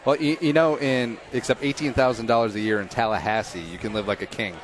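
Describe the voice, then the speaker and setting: A man in his thirties hosting a casual interview, joking and self-deprecating with quick asides. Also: mid-range voice. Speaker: podcast host.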